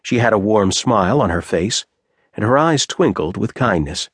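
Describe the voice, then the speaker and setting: A man reading a romance novel aloud in a steady, measured narration. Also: fairly low pitch, husky, no echo, studio quality. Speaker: audiobook narrator. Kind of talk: scripted narration.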